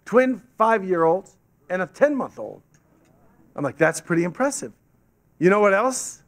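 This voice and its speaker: A man's voice: sits high, a little slow. A man telling a story as a guest speaker to a club audience, acting out the voices of the people he quotes. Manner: animated, acts out quoted voices. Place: meeting hall with an audience. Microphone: podium microphone.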